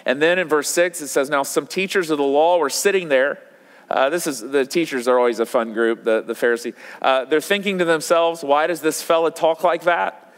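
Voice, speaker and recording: A man in his thirties preaches to his congregation, talking in a loose, conversational way, full of fillers and restarts. His voice sits a little high for a man. Long reverb from the church hall trails after his words. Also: a little fast. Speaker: pastor. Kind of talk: sermon. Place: church auditorium.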